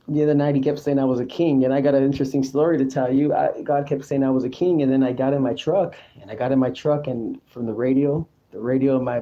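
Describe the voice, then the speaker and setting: A man's voice: mid-range voice, mellow, lo-fi sound. A man hosting his own show in a rambling, repetitive, confessional monologue. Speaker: show host.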